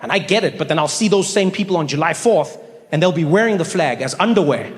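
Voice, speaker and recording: A man's voice: on the high side, lively intonation, quick pace, big-room sound, background noise. A man doing stand-up comedy, telling stories animatedly and asking rhetorical questions. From South Africa. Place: comedy stage before a live audience.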